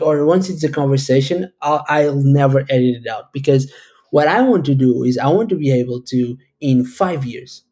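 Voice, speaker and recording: A man from Portugal whose first language is Portuguese, speaking as a podcast guest in a thoughtful, halting way with many restarts. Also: medium pitch, darkish tone. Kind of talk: casual podcast conversation.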